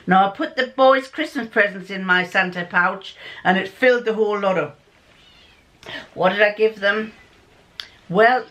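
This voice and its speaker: Chatty older woman with a lively voice. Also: mid-range voice. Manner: chatty and rambling, laughs often, loses her thread. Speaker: sewing vlogger. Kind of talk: casual vlog, opening an advent calendar.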